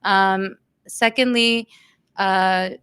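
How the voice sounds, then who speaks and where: A woman's voice: mid-range voice, steady tone, drawn-out words, fairly bright tone, clean tone. A woman who works as a teacher, earnestly giving advice to parents as a podcast guest, with many fillers. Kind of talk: advice in casual conversation.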